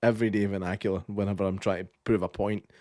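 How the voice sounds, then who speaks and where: A man's voice: fairly low pitch, little pitch movement, fast, darkish tone, no room sound, studio quality. A Scottish man co-hosting a podcast, casually reviewing a film and retelling its scenes with lots of swearing and quoted lines. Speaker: podcast co-host.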